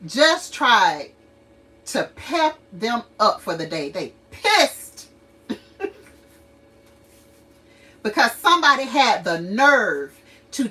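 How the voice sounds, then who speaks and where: A woman's voice: fairly high pitch, far from the mic, rough recording. A woman hosting a casual livestream, telling stories and ranting with frequent laughter and acted-out quotes. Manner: animated, acts out quotes. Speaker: channel host and mother.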